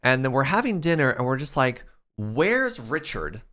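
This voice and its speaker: A man in his thirties streaming a game and chatting casually with his viewers. He tells stories in a very animated way, his pitch swinging widely, and he breaks into laughter often. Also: fast, smooth. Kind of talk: casual storytelling while gaming.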